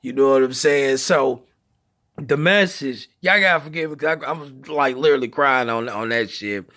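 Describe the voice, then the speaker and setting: A man telling a funny trucking story in casual, slangy, profane talk, acting out the quoted people and laughing along. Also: normal speed. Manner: acts out quoted voices with lively pitch. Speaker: truck driver telling stories.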